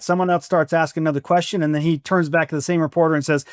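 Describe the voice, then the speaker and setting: A man hosting a podcast, telling stories in an animated way and giving firm opinions. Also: a little high, quick pace, hardly any pauses, no room sound, studio quality. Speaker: podcast host. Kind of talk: casual chat.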